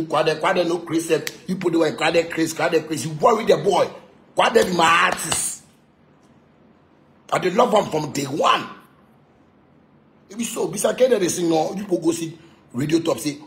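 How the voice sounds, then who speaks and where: A man's voice: a little high, expressive, normal speed, pauses often. A man from Ghana with a Ghanaian Pidgin English accent, a musician ranting in a boastful, taunting, profane monologue that keeps repeating its points. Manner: repetitive, insistent.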